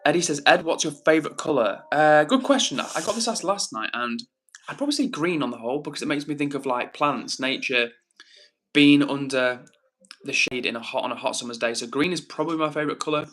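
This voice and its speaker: A man's voice: fairly high pitch, lively intonation, a little fast, a bit bright. A young man hosting a livestream, chatting casually and reading viewer comments aloud. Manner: chatty, upbeat, reads chat messages aloud. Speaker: livestream host.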